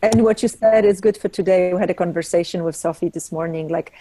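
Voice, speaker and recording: A woman's voice: on the low side, fast talker, warm tone, dry recording. A woman co-hosting a casual chat, telling stories animatedly, acting out quotes and laughing often. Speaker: co-host.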